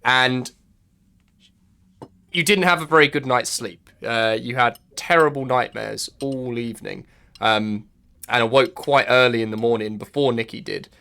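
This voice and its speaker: A man's voice: medium pitch, measured pace, vocal fry, bright, forceful tone, clear, resonant tone. A man acting as game master, setting scenes with many hesitations and fillers. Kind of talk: running a tabletop role-playing game.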